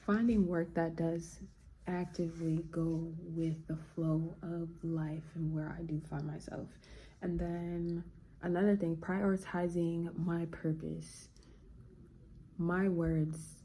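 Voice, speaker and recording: Gravelly low-voiced woman vlogger. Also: a little hiss or hum. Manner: relaxed, slangy, reflective talk. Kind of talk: casual chat.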